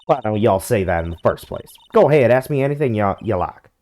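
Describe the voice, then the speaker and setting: A man voicing a brash, feisty young woman photographer with a put-on American Southern drawl, loud and sassy. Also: on the low side, animated, fairly quick, natural voice.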